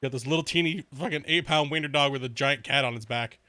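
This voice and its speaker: A man's voice: medium pitch, fast, pushed and bright, clear, resonant tone, dry recording. A man streaming a game, chatting casually, swearing and laughing as he rambles through stories. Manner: crude, swearing, laughs often; rambling storyteller with many restarts. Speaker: gaming streamer. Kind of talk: casual live-stream chat.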